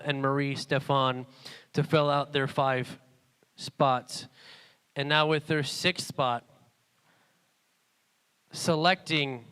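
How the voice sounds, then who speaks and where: A man calls out draft picks in a high, bright voice that is very clear and clean. He takes his time, drawing out each announcement to build hype.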